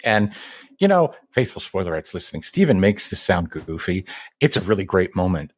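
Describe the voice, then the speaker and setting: Animated man explaining comic trivia. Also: low voice, normal speed, no room sound. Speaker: podcast co-host. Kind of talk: casual comic-book chat.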